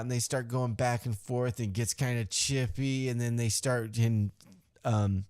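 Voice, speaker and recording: A man's voice: medium pitch, steady tone, unhurried, darkish tone, clear, resonant tone. A man hosting a podcast who recaps a wrestling show in a loose, rambling way, with fillers and some swearing. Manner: acts out quotes in a loose, offhand way. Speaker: podcast host.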